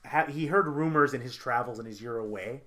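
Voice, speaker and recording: A man's voice: medium pitch, brisk, sharp tone. A man narrating as game master of a tabletop role-playing game, describing scenes and prompting the player. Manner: narrates actions, slips into character quotes.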